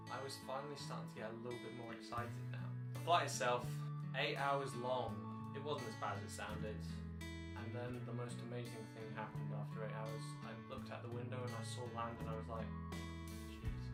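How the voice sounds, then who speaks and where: Brit vlogger, medium pitch, chatty and deadpan-funny, roomy recording with music. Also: male voice, far from the mic. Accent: British English. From Britain. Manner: chatty, dry jokey asides. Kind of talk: casual vlog narration. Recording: echoey room with background music.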